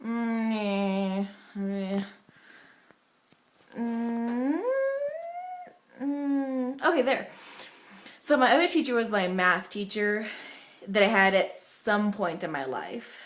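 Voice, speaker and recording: A woman's voice: medium pitch, slow pace, pauses often, slight background noise. A young woman from the United States telling rambling stories to her webcam at home, chatty and full of fillers. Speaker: vlogger. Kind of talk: casual vlog storytelling.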